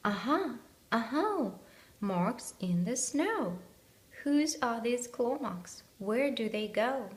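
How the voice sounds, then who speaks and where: A brave little girl monster from a storybook, voiced by a woman. She pipes up high and eager, full of questions, and keeps insisting she isn't scared. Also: very animated, slow. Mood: bold curious.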